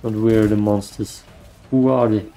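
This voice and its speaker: A man with a German accent and vocal fry, giving rambling, joking commentary while playing a game into a desk mic. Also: on the low side, fairly even intonation, normal speed, mellow, a little hiss or hum, low-quality recording. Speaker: gamer. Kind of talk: gameplay commentary.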